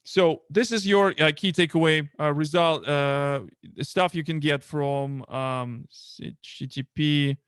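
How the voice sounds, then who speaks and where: A man with a Russian accent hosting a casual tech livestream from home, talking haltingly with many fillers and restarts. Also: fairly high pitch, clean tone, no echo, clean studio sound. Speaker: livestream host.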